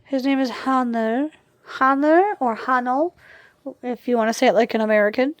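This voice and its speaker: A woman vlogging at home while she has a migraine, talking softly and tiredly and cooing at her dogs. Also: a little high, fairly even intonation, fast talker, no room sound. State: suffering a migraine. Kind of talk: casual vlog talk to camera and dogs. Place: at home indoors.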